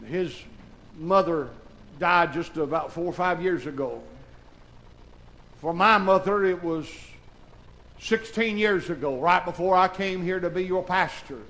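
High, bright-voiced preacher man. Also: a little slow, long pauses, low-quality recording. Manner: swings from shouted preaching to soft, tearful confiding. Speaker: pastor. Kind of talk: emotional sermon. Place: church sanctuary.

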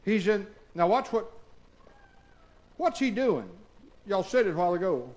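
Preacher man, super high voice, throws questions at the church, goes quiet then yells. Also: very animated, measured pace. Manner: rhetorical questions to the congregation, swinging from hushed to shouted. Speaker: pastor. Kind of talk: call-and-response sermon.

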